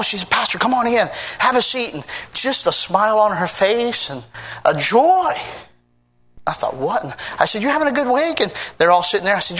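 A man, a pastor giving a sermon testimony, earnestly telling stories and acting out quoted conversations. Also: fairly bright tone. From United States. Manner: earnest storytelling, acting out quoted talk with big pitch swings.

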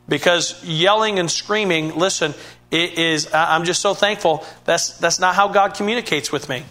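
A man's voice: on the high side, bright, forceful tone. A man preaching a sermon in an earnest way, often repeating and restarting words and rising to emphatic bursts.

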